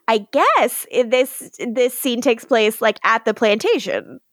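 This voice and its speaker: A woman's voice: fairly high pitch, big pitch swings, measured pace, no echo, clean studio sound. Chatty, swearing woman podcaster. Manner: chatty, swears freely, acts out quotes. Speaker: podcast co-host. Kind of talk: casual recap chat.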